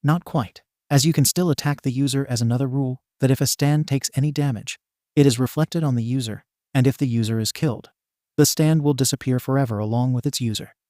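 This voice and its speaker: A self-styled god in a storybook reading lays out the rules in a matter-of-fact, lecturing tone, as a man reads him. The voice sits at a middle pitch and is recorded dry and close. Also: brisk, darkish tone, no echo, lightly acted. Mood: explaining. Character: self-proclaimed male god explaining rules.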